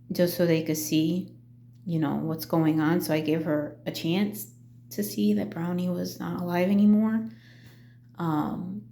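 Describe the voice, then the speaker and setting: A middle-aged woman talking casually in a personal vlog, halting, with many fillers and restarts. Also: on the low side, mellow, reverberant. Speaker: vlogger.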